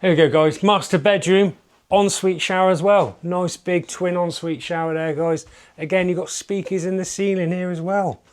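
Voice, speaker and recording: With a high-pitched, clear and resonant voice, a man walks viewers through a holiday lodge, going from room to room. He keeps a steady tone at normal speed, his upbeat sales patter repeatedly addressing the audience.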